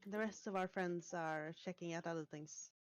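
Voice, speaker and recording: Low-voiced woman, calm player. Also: normal speed, clean tone, no room sound. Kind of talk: playing her character in a tabletop game.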